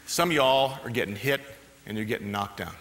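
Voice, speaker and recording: A man telling a motivational story to a live audience, chatty with quick asides, in an echoey hall. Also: mid-range voice, a bit bright, slight background noise. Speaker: motivational speaker.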